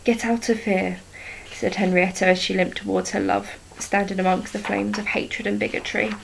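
Woman reading a story in a flat, gravelly voice. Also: mid-range voice, brisk, a little hiss or hum, rough recording. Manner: even, steady reading with small restarts.

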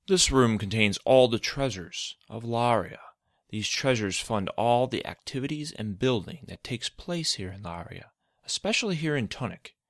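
A man's voice: mid-range voice, expressive, moderate pace, no room sound, clean studio sound, voice pushed up, lightly acted. A man voicing a scheming, commanding adult male figure in a storybook reading, speaking in a cool, demanding way with a faint edge of menace. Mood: explaining. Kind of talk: storybook narration.

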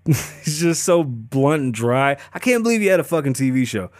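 A man's voice: mid-range voice, fairly quick, no room sound, studio quality. A man hosting a podcast, riffing on news in a casual, profane, joking way. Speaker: podcast host. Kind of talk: casual commentary.

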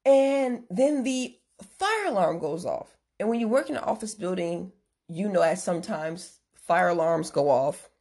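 A woman host telling a story casually, animated and full of swearing, acting out what people said. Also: on the low side, slightly rough. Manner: profane, animated, acts out quotes.

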